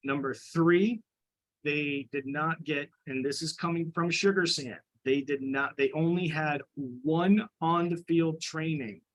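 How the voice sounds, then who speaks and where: A man who coaches high school girls lacrosse, making an indignant, emphatic complaint at a committee meeting and often restarting his sentences. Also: unhurried, poor audio. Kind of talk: public comment at a committee meeting.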